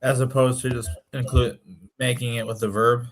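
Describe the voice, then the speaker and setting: A man's voice: medium pitch, flat delivery, moderate pace. A man in a casual Bible study group, asking questions and thinking aloud with frequent restarts.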